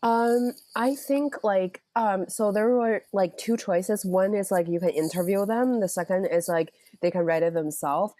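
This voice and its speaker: A woman from China, answering as a guest author in a casual interview, slightly hoarse from a cold and chatty with many fillers. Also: mid-range voice, measured pace, few pauses, dark tone, no echo.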